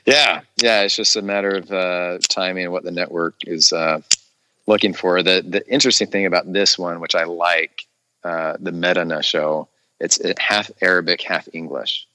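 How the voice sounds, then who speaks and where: An animated man tells stories as a podcast guest and laughs often. His voice is very low yet bright and forceful. He is recorded close and dry in a studio. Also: normal speed, dry recording. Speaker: guest actor. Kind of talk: casual podcast chat.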